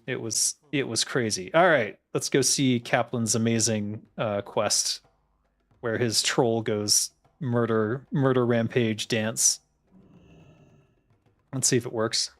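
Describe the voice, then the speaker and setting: A man's voice: mid-range voice, steady tone, takes it slowly. A man chatting casually as he plays through a game, laughing often and poking fun at himself. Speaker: game designer streamer. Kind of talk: casual gameplay commentary.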